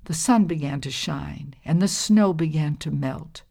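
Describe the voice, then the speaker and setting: A woman reading a storybook aloud with calm, measured, expressive narration. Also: sits low, creaky.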